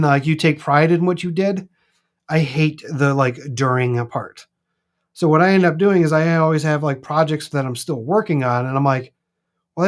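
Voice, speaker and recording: A man with a Minnesota accent chatting casually as co-host of a live stream, rambling and animated. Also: a little high. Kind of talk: casual chat. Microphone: streaming mic.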